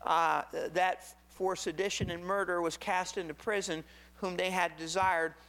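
High-voiced emphatic man preaching. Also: little pitch movement, a little slow, sharp tone, rough recording. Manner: emphatic, repeats phrases, asks the listener to imagine. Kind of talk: sermon, reading scripture with commentary.

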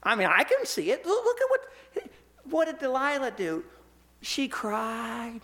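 A male pastor preaching a sermon, telling a Bible story with lively acted-out quotes. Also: very high voice, a little slow. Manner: animated storytelling, acts out quoted voices.

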